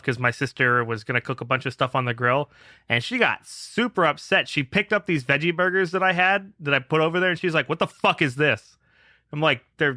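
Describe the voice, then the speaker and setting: A man's voice: a little high, pushed and bright, no room sound, clean studio sound. Foul-mouthed man ranting through a story. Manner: profane, fired-up ranting. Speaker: podcast co-host. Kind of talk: casual podcast storytelling.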